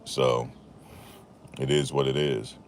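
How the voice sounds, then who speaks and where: A man's voice: a bass voice, little pitch movement, takes it slowly, a little hiss or hum. A man hosting a casual commentary monologue, chatty and repetitive, laughing at the story he tells. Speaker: YouTube commentary host.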